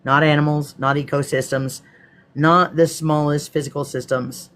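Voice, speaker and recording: Texas guy running a live stream, kinda high voice, reads his notes then chats with viewers, swears a lot. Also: little pitch movement, moderate pace, a bit bright. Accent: Texan. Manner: casual, profane asides to viewers. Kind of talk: live stream, reading a script and answering chat.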